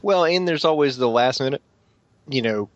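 A man, co-hosting a sports podcast and talking through football questions in a measured, hesitant way. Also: mid-range voice, expressive, no echo, dull audio. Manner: measured, hesitant, with many fillers. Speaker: podcast co-host. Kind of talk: casual sports chat.

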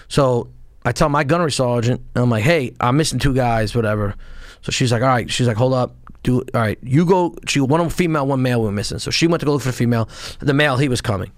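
A man telling war stories in a casual interview, profane and animated, acting out what people said. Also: mid-range voice, brisk, dry recording, studio quality. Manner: animated, profane storytelling with quoted voices. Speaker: podcast guest, former Marine and police sergeant.

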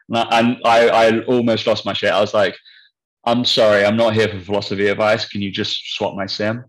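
A man's voice: fairly low pitch, moderate pace, poor audio. A young man chatting casually on a podcast, telling a story bluntly and swearing freely. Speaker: podcast co-host. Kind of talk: casual chat.

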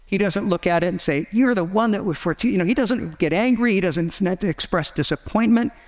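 A man's voice: high voice, a little fast, in a large hall. A man preaching a sermon as pastor, earnest and conversational, with frequent restarts and asides.

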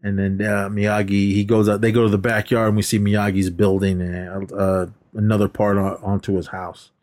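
Male podcast co-host, lowish voice, loose rambling plot recap. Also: little pitch movement, normal speed, a little mellow. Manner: rambling retelling, slips into quoted dialogue. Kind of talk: casual movie recap chat.

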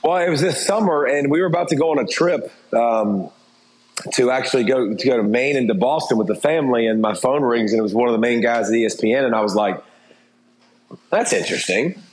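Brief: middle-aged male interview guest, candid and rambling, mid pitch, echoey room. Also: fast, a little mellow. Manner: candid, rambling, frequent restarts and fillers. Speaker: interview guest, former TV football analyst. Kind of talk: casual interview talk. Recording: roomy echo.

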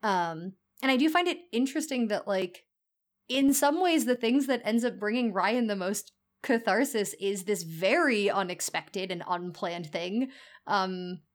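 A woman co-hosting a podcast, giving a thoughtful, measured analysis in casual chat, with frequent ums. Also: mid-range voice, animated. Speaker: podcast co-host.

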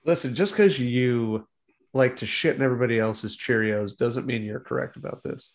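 Man co-host, mid-pitched, dry sardonic jabs, casual banter. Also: moderate pace. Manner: sardonic, defends the film, mock insults. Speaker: podcast co-host reviewing a film. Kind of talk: casual chat.

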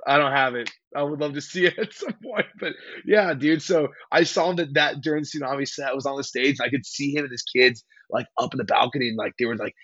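Brief: young male guest, rambling slangy storyteller, husky voice, dry close sound. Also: mid-range voice, quick pace, few pauses, fairly bright tone, no echo, dull audio. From California. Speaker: hardcore band vocalist, podcast guest. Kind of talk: casual interview chat.

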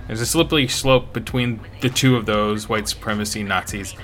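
A man's voice: on the low side, steady tone, moderate pace, a bit bright, faint music behind. A man co-hosting a casual movie-review podcast, joking and putting on silly voices. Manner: jokey, playful voices. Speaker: podcast co-host.

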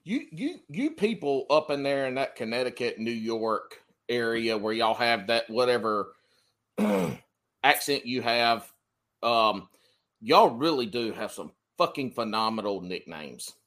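Animated Southern man joking on a podcast. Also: medium pitch, a little slow. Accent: Southern American. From American South. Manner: joking, laughs often, swears freely. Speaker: podcast host. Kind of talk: casual podcast banter.

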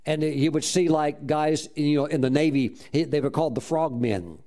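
Animated preaching man. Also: fairly high pitch, moderate pace. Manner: animated, exclaims and praises often. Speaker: pastor. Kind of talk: sermon storytelling.

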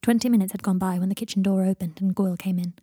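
A woman narrating a fan fiction audiobook in a quiet, steady reading voice. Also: mid-range voice, very fast, husky, dry recording, studio quality.

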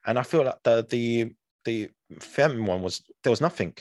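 A man's voice: mid-range voice, expressive, normal speed, a little mellow, no echo. A man co-hosting a podcast in casual chat, rambling and hesitant, full of fillers and restarts. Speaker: podcast co-host.

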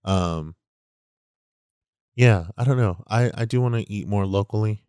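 A man's voice: lowish voice, unhurried, darkish tone, clean tone, dry recording. A man chatting casually, telling a profane, laughing family story and acting out the people in it. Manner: profane, storytelling with quoted voices. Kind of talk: casual chat.

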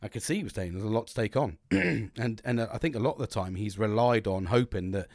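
A man's voice: lowish voice, expressive, fast, a little mellow, no echo, studio quality. A man hosting a podcast, talking casually, swearing a lot and rambling with restarts. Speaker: podcast host.

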